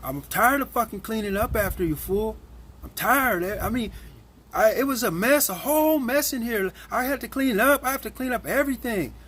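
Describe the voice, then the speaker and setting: A man's voice: very high-pitched, lively intonation, normal speed, a bit bright, slightly rough, voice pushed up, heavily acted. A man putting on the voice of an irritable male kitchen coworker who complains. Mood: griping. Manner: complaining, griping.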